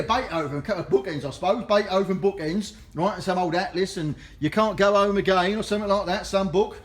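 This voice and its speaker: A middle-aged auctioneer from London, England, with a Cockney accent and a high-pitched voice, gives a preview tour while walking indoors through an auction building. He chats jokily and casually, habitually tacking "right?" onto his sentences.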